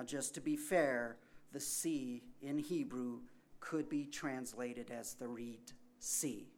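This pastor's medium-pitched sermon has a conversational feel, full of rhetorical questions. He moves back and forth between soft asides and loud, emphatic moments.

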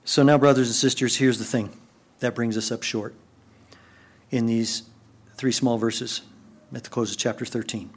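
A man preaching a sermon, moving between quiet, hushed passages and excited, raised outbursts. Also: mid-range voice, normal speed, pauses often. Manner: animated, swings from hushed to excited. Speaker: pastor.

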